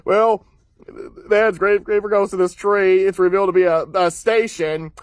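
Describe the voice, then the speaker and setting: A man's voice: high-pitched, steady tone, measured pace, clear, resonant tone, dry recording. A man casually recapping a cartoon episode, chuckling often and rambling with filler words and restarts.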